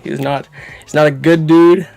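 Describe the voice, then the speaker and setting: A man guest on a podcast, rapping a verse from memory and chatting casually, animated and laughing. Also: a little high, normal speed, creaky. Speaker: rapper guest. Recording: music loud behind voice. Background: music playing.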